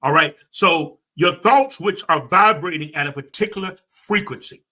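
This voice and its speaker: A man's voice: on the high side, normal speed, bright, forceful tone. A man, a personal development coach giving a preachy, emphatic motivational talk to a livestream audience, speaking folksy and direct.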